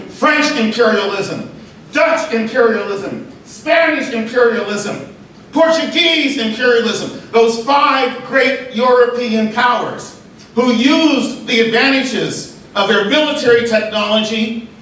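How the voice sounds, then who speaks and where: A high-voiced man with a Nova Scotian accent delivers a keynote address in a measured, rhetorical way, stacking his points into emphatic lists. His voice rings through a very echoey hall and is picked up from well away from the mic, with a faint hum of room noise behind it. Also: fairly bright tone, distant mic. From Nova Scotia, Canada. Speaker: keynote speaker.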